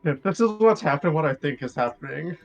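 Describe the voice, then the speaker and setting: A man playing a tabletop game, talking in a halting, bewildered way with restarts and swearing. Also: fairly high pitch, animated, vocal fry, muffled recording. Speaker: player. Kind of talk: casual tabletop game play.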